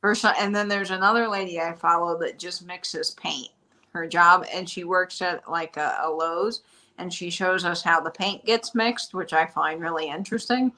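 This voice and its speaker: A woman hosting a casual live-stream chat, telling stories in an animated, chatty way. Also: fairly low pitch, moderate pace, low-quality recording. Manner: chatty storyteller, animated retelling. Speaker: shop host.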